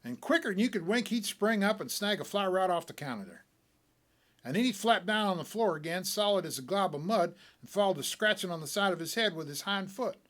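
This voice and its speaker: A man reading a short story aloud as a folksy, animated tall-tale teller. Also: high voice.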